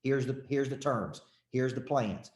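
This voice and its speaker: A man's voice: mid-range voice, measured pace, a little mellow, echoey room. A man coaching a live audience in a motivational talk. He speaks in short, repeated, punchy phrases and keeps calling on the crowd with questions. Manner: punchy, repetitive, calls on the crowd. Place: event room with audience.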